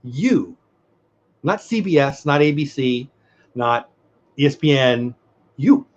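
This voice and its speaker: A man's voice: mid-range voice, animated, slow, dull audio. A middle-aged man co-hosting a casual livestream chat, earnest and rambling as he reads the chat aloud. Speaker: podcast co-host.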